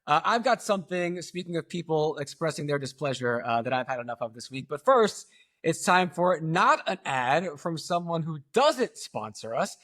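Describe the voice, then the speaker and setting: A man with a fairly high voice chats on a podcast, working through his thoughts out loud with plenty of fillers. His pace is relaxed and conversational. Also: moderate pace. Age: late 30s to early 40s. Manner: thinking aloud with many fillers. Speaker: podcast co-host. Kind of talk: casual opinion chat.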